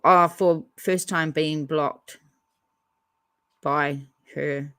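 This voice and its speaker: A woman with a slightly low voice hosts a relaxed livestream. She reads out viewer comments and answers each one in easy, casual chat, as if talking to friends. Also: drawn-out words, smooth, dry recording, clean studio sound. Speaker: livestream host reading chat.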